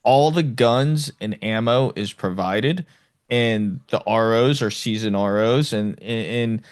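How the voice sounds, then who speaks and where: A man's voice: on the low side, takes it slowly, clean tone, no echo, studio quality. A man hosting a podcast, chatting casually in an easygoing, agreeable way and often repeating words. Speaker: podcast host.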